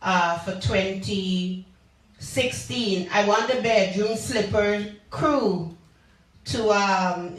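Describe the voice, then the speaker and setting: Slow, chatty woman radio host in an echoey room. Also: medium pitch. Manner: slow, chatty, calls out listeners by name. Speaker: radio talk show host. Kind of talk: call-in radio show. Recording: echoey, distant from the mic.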